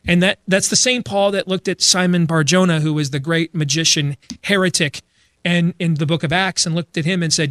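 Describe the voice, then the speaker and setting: A man's voice: fairly high pitch, steady tone, brisk, a bit bright, no echo. Blunt, emphatic man with a dry sound. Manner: blunt, emphatic, repeats and restarts often. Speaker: speaker addressing an audience. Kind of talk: opinionated religious commentary.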